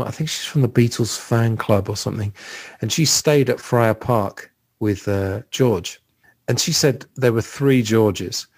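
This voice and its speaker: Male podcast host, low-pitched, loose and chatty delivery. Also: a little mellow. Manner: chatty, thinks aloud with many fillers. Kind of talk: casual podcast conversation.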